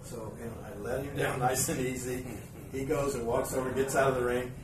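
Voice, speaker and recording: A man's voice: mid-range voice, a little fast. Man spinning a live story in a roomy hall. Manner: animated, chuckles often, acts out scenes. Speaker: podcast host telling a story to live fans. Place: live event room with an audience. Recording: roomy, distant live recording with ambient noise.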